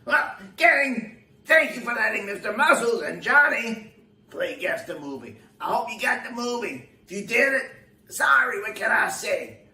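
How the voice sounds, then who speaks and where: A man doing a boastful, hammy character host with a drawl, whose high, gravelly voice swings wildly up and down. He sounds very bright and edgy, rambling on in a showy, folksy way. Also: big pitch swings, normal speed, exaggerated voice. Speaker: segment host. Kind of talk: comic character bit on a livestream chat show.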